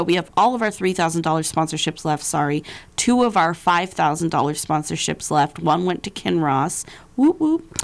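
Woman, lowish voice, bubbly, laughs a lot, charity event organizer. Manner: bubbly, laughs often, quotes people in lively voices. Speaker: nonprofit event organizer guest. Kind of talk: casual chat.

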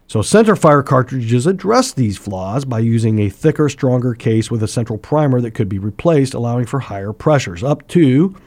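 A man's voice: mid-range voice, a little mellow. A man co-hosting a local radio talk show, explaining things in detail from notes with jokey asides. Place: radio studio.

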